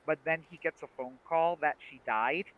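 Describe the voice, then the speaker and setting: A man co-hosting a livestream in casual chat, retelling scenes with lively acted-out quotes. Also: fairly high pitch, normal speed. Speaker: livestream co-host. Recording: dull lo-fi stream audio.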